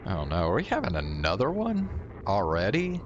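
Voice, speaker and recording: A man's voice: sits low, huge pitch swings, normal speed, highs cut off, background noise. A man reading a visual novel's narration aloud and casually commenting as he plays, sometimes swearing. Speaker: game player.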